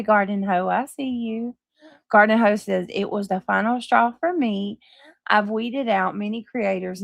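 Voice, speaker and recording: A woman's voice: medium pitch, vocal fry, dry recording. A woman with a Southern accent hosting a live stream, chatting casually with viewers and swearing freely. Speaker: livestream host. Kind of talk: casual live chat reading comments.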